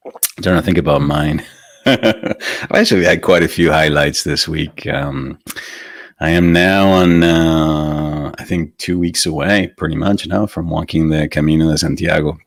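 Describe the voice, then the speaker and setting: A man with a very low voice speaks slowly and gently as he hosts a live meditation stream. His talk is chatty and easygoing, with soft laughs and plenty of ums. The sound is close and dry, with faint music behind him. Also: vocal fry, no echo. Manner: gentle, chatty, laughs softly, many fillers. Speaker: host of a weekly meditation broadcast. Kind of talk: casual live-stream chat greeting viewers.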